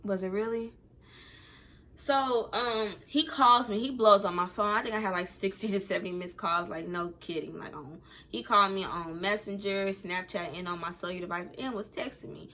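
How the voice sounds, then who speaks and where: A woman's voice: mid-range voice, moderate pace. A young adult woman telling a casual, rambling storytime, acting out the things people said. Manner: rambling, animated retelling that acts out quoted dialogue. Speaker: vlogger.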